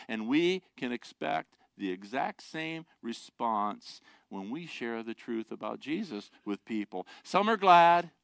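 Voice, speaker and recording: A man's voice: medium pitch, gravelly, no room sound. A middle-aged man preaching a sermon, a pastor who talks conversationally and jokes with the congregation. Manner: conversational, joking asides to the congregation.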